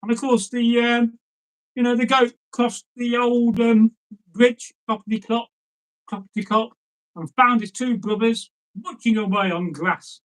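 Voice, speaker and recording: Man storyteller, casual folk tales, chatty and rambling, fairly high-pitched. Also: fairly even intonation, a little slow, low-quality recording. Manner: rambling, chatty asides, lots of fillers. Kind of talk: casual folk tale telling.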